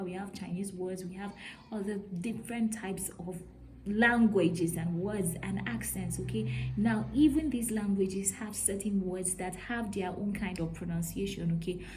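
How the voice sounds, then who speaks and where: A woman's voice: mid-range voice, warm tone, slight background noise, low-quality recording. A woman teaching English pronunciation straight to the viewer, emphatic and often checking in with "okay?". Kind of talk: talking-to-camera lesson.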